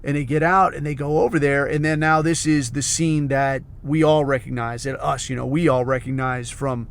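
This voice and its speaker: A man's voice: mid-range voice, fairly even intonation, normal speed, vocal fry, a little hiss or hum. A man hosting his own podcast, telling a long rambling story full of swearing and fillers. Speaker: podcast host. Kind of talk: casual rambling monologue.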